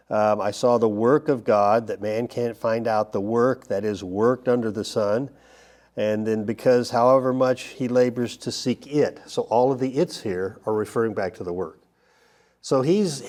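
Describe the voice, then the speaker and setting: A man's voice: mid-range voice, darkish tone. A man teaching a Bible study lesson, talking it through loosely with frequent restarts and fillers. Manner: halting, many restarts and fillers.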